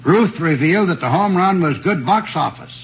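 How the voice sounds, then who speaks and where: A man comments in a matter-of-fact tone, with the occasional uh. His voice sits fairly high. The recording is dull and lo-fi, like an old radio show. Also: expressive, normal speed. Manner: matter-of-fact, some uh fillers. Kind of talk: spoken commentary.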